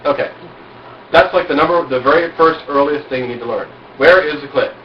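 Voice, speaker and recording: At an outdoor cookout, a man with a fairly high voice talks a little fast, giving a small group casual instructions in a frank, cocky, boastful manner packed with rhetorical questions. The amateur recording sounds roomy, distant and dull, with a faint hiss or hum.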